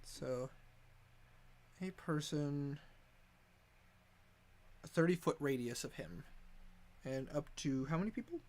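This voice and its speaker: A man's voice: a little high, takes it slowly, pauses often, darkish tone. A man running a tabletop game as game master over voice chat, rambling with many fillers and restarts. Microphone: online voice chat.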